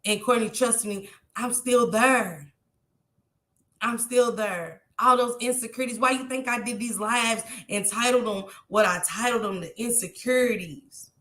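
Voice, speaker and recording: Tearful woman vlogger, bright echoey voice. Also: a little high, unhurried. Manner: heartfelt, repetitive, speaks straight to her viewers. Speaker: live-stream vlogger. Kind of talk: emotional live-stream talk to viewers.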